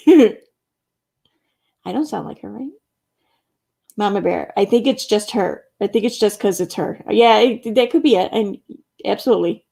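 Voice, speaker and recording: A middle-aged woman from Central New York hosts a relaxed live stream, reading viewer comments aloud, chatting about them, and laughing often. Her middling-pitched voice carries a gravelly fry.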